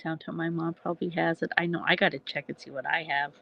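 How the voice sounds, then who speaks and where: A woman's voice: low-pitched, steady tone, fast, creaky, bright, forceful tone, poor audio. A woman hosting a casual livestream, rambling between thoughts, laughing often and swearing freely. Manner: laughs often, swears, trails off mid-sentence. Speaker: livestream host.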